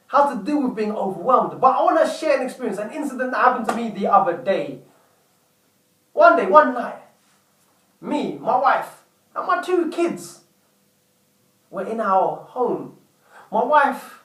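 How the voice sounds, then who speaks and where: A man's voice: extremely high pitch, a bit bright, distant mic. A man giving a self-help talk, telling a personal story in an earnest way and often restating his points. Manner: earnest, repeats and rephrases points. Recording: echoey room, away from the mic.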